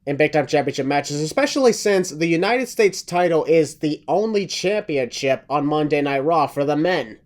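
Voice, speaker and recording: A man hosting a wrestling review podcast, speaking in a measured way with announcer-like phrasing. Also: on the high side, animated. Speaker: podcast host. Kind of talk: casual wrestling review chat.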